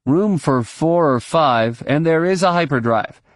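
A man's voice: a little high, lively intonation, measured pace, dry recording, clean studio sound, voice pushed up. A man voicing an earnest, cautious young man in an audiobook.

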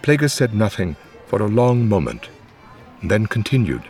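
A man's voice: on the low side, sing-song, normal speed, darkish tone. A man narrating an audiobook in a dramatic scripted reading. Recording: faint music bed under narration.

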